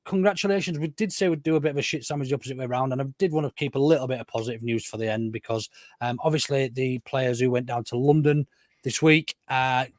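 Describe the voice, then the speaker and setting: A man's voice: medium pitch, fast talker, no room sound, studio quality. A man hosting a casual football podcast, steering the chat and putting questions to his guests. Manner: leads the talk, puts questions to the guests. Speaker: podcast host.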